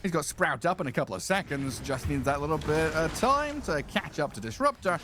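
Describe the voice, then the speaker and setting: A man casting an esports match as play-by-play commentator, excitable and quick to laugh. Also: background noise. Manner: excitable, laughs often, pitch jumps on big plays. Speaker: esports caster.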